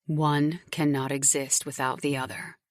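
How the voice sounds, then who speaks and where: A woman voicing a menacing, possessive young man who speaks in a low, slow, threatening way. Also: little pitch movement, no echo, clean studio sound. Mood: cold.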